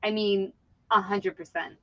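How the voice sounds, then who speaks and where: A woman's voice: medium pitch, little pitch movement, a little slow, no echo. Giggly reseller lady from virginia, medium voice, kinda muffled lo-fi audio, tons of "like". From Virginia, USA. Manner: chatty and giggly, lots of "like" and "you know what I mean". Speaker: eBay reseller and channel host. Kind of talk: casual chat while working. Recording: slightly dull lo-fi sound.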